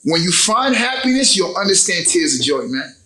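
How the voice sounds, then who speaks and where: A man's voice: high voice, big pitch swings, moderate pace, bright, forceful tone, reverberant, low-quality recording. A young adult man, a recording artist as interview guest, talking casually and emotionally, often repeating his phrases.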